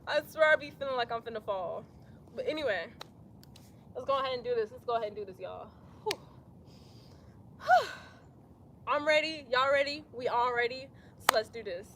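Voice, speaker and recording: A young woman leading a casual yoga class outdoors, chatty and talking herself up out loud as she tries a backbend. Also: fairly high pitch, animated, normal speed, pauses often, background noise. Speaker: yoga instructor.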